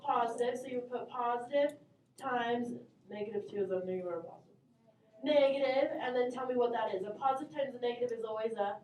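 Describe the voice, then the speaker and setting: A woman moves at a quick pace through a math lesson, calling on students in a high, bright, upbeat, encouraging voice. She sounds far from the mic, her voice echoing around the room with a faint class murmur behind her.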